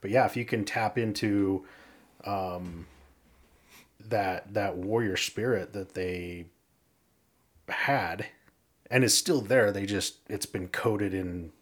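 A counselor speaks as a podcast guest in a low voice. He meanders through his points with loose fillers and trails off often, keeping a relaxed, conversational tone. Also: slow pace, long pauses.

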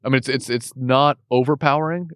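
A man co-hosting a casual whiskey tasting, relaxed and quick to laugh, thinking aloud as he describes the flavors. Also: medium pitch, smooth, no echo, clean studio sound.

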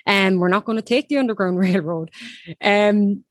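A woman's voice: medium pitch, normal speed, dry recording. A woman hosting a casual podcast, telling a history story with chatty asides and giggles.

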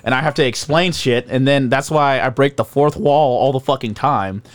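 Profane, animated young man chatting. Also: mid-range voice, normal speed, clean tone. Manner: profane, animated, laughs often. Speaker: restaurant worker and comedian. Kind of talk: casual chat.

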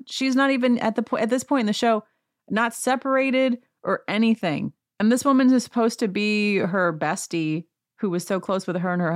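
A woman's voice: medium pitch, dry recording, studio quality. A woman host casually recapping a reality show, sarcastic and rambling. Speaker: podcast host.

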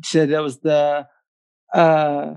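A man's voice: fairly high pitch, monotone, slow pace, creaky, a little mellow, clear, resonant tone, no room sound. A man with a British accent, a guest in a casual chat, bantering with good humor and laughing along.

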